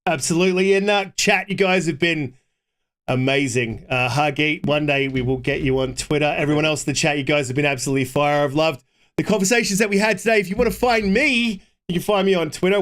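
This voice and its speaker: A man's voice: fairly high pitch, fast talker, a bit bright. A man hosting a casual gaming podcast, wrapping up the show in an upbeat, joking way. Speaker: podcast host.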